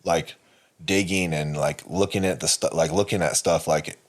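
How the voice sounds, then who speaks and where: A man's voice: low voice, fairly even intonation, normal speed. A man co-hosting a podcast, telling a candid personal story in a rambling way, with many fillers and restarts and frequent swearing. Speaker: podcast co-host.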